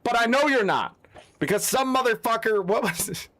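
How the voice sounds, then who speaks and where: A man's voice: extremely high pitch, expressive, normal speed, pushed and bright. A man who streams games, ranting in an unscripted, heated, profane way. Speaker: gaming streamer. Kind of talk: unscripted rant.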